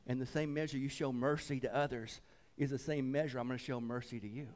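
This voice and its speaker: A man preaching a sermon as pastor, swinging between loud fervent passages and hushed reverent ones, repeating phrases and calling out "come on.". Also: mid-range voice, steady tone, fast.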